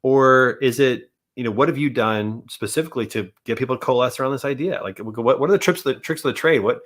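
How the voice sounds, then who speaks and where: A podcast host with a medium-pitched voice talks fast, chatting casually and joking with his guest in an interview.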